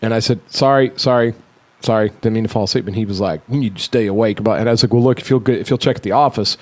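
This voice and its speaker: Fast-talking, foul-mouthed storytelling man. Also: fairly low pitch. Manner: animated, heavily profane storyteller. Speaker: podcast host. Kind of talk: casual storytelling chat.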